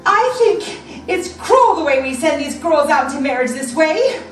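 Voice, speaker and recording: A woman's voice: sits high, big pitch swings, measured pace. A woman playing a wistful, fretful mother of the bride in a live stage play. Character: tearful mother of the bride, middle-aged woman. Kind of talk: live community stage acting. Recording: echoey theater from far off, faint noise.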